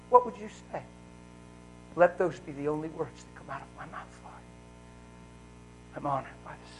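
A man preaching a live sermon in a church, wearing a mic, fervent and swinging between loud exclaiming and hushed talk. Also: a little high, fairly quick, pauses often, a little hiss or hum, rough recording. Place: church service.

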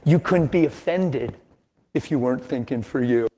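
A man in his sixties preaching a sermon, dropping to hushed near-whispers and then rising to emphatic lines, with folksy conversational asides. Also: mid-range voice, normal speed. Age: 60s. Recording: long hall reverb.

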